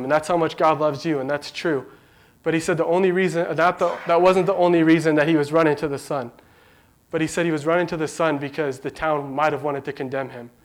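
A man giving an earnest, conversational sermon, emotional and holding back tears. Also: fairly high pitch. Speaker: preacher.

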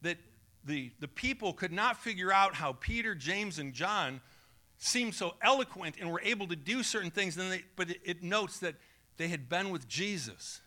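Animated bright-voiced male pastor. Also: sits high, moderate pace. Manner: conversational, animated, acts out quoted voices. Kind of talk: sermon.

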